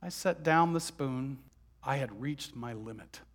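A man telling a story as a first-person dramatic monologue, moving between hushed, heavy lines and heated outbursts. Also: medium pitch, unhurried.

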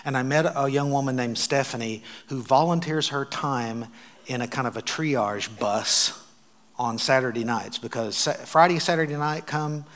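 An American man telling travel stories in a sermon, animated and wry, with dry asides. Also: medium pitch, moderate pace. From United States. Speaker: preacher. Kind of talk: sermon storytelling.

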